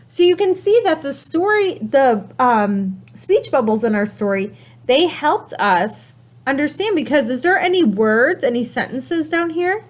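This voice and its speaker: A woman teaching a recorded writing lesson to young children, talking slowly and in an animated, sing-song way, with questions to the class. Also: high voice. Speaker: kindergarten teacher.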